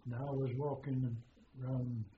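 An older man, a war veteran, slowly recounting his memories in a halting way with many pauses during an interview. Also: mid-range voice, flat delivery, a little hiss or hum. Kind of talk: oral history recollection. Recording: echoey, dull archival interview tape.

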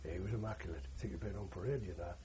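Brief: older man, war veteran interviewee, husky dark voice, anecdotal rambling, old lo-fi recording. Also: deep voice, rapid-fire. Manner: rambling anecdotal, frequent "you know" and "like". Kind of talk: oral history recollection.

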